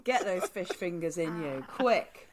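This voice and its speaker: A woman co-hosting a podcast in casual chat, full of giggles and quick asides. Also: on the low side, expressive, crowd noise. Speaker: podcast co-host.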